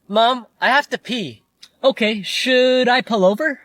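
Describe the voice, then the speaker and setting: A man from San Diego performing short comedy skits, playing every part with sarcastic deadpan comebacks. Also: extremely high pitch, fairly quick. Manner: sarcastic deadpan comebacks, switching between characters. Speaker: comedy creator.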